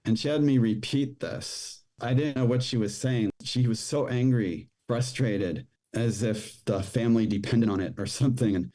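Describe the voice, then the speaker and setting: A middle-aged man appears as a podcast guest, telling a personal story in a rushed, halting way with many restarts. His voice is on the low side with a dark tone.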